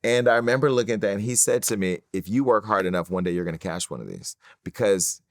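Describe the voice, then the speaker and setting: A middle-aged man tells a story as an interview guest, and his voice sits on the low side. He talks in an animated way, curses freely and acts out what other people said. The room sounds dry and close. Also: fast, no echo.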